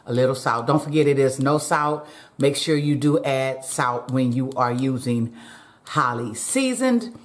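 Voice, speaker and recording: A woman's voice: very deep voice, animated, measured pace. A woman hosting a home cooking vlog, chatting casually to her viewers in her kitchen. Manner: chatty, talks straight to viewers as "y'all". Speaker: cooking channel host. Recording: roomy echo.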